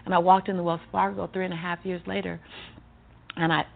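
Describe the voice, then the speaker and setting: A woman guest telling her life story in a lively, motivational way, acting out the dialogue and laughing often. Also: on the low side, fairly quick, creaky. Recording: tinny phone-like sound with faint music.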